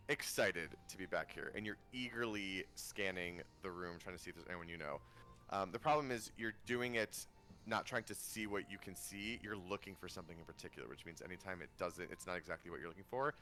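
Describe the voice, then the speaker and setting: A man's voice: sits low, lively intonation, fairly quick, bright, forceful tone, faint music behind. A man narrating a tabletop game as game master, rambling with ums and restarts.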